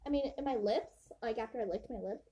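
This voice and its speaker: A woman's voice: fairly high pitch, mellow, highs cut off. A woman chatting casually and giggling as she tastes hot sauce in a hotel room. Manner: giggly, chatty, drawn-out listing. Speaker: vlogger tasting hot sauce. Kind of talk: casual chat.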